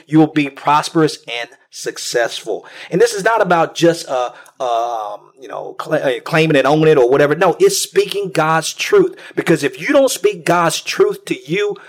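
Enthusiastic male podcast host, higher voice. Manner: affirming, quotes scripture, enthusiastic. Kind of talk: faith podcast conversation.

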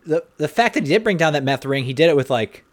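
A man's voice: on the high side, animated, fast. A man co-hosting a podcast, rambling in a loose, self-deprecating way while recapping a TV episode. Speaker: podcast co-host. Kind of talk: casual chat recapping a TV episode.

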